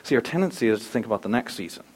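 A man's voice: medium pitch, racing, husky. Storytelling male pastor preaching. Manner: storytelling, animated, acts out quoted voices. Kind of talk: sermon.

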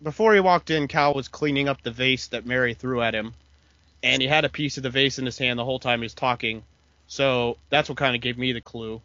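A man's voice: medium pitch, a little fast, bright, forceful tone, no echo, lo-fi sound. A man in casual chat, recapping a show in a plain, matter-of-fact way. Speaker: podcast co-host.

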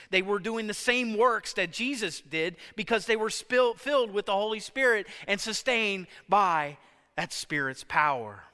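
A man preaching a sermon, emphatic, swinging between loud stresses and hushed lines. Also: high voice, clear, resonant tone. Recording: long hall reverb.

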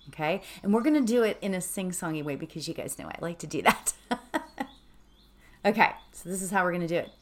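A slightly hoarse woman leading a guided meditation in a chatty way, laughing often and ending her lines with "right?". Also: fairly low pitch, animated, fast talker. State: slightly hoarse from early morning.

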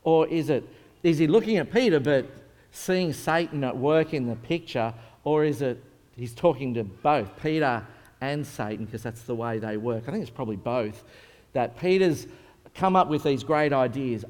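A man's voice: on the high side, lively intonation, moderate pace, a little mellow. A man preaching a sermon in an earnest, conversational way, retelling scenes vividly. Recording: long reverb in a large hall.

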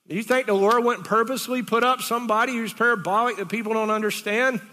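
Male preacher, high bright voice, chatty rambling sermon with rhetorical questions, reverb of a big hall.

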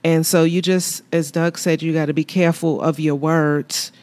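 A woman's voice: deep voice, steady tone, moderate pace, a little mellow. Woman, faith talk co-host, casual, candid, humorous storytelling. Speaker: co-host of a married couple's faith talk show.

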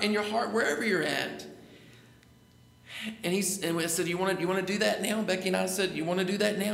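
A man's voice: high-pitched, gravelly, fairly bright tone. A middle-aged man, a pastor preaching a sermon in church, repeating his phrases and calling for amens. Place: church sanctuary. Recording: echoey church hall.

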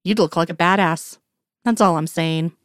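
A woman's voice: on the low side, moderate pace, no room sound, close to an everyday voice. Dry, sardonic grown man, read by a woman. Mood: wry. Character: wry adult man, dry teasing investigator.

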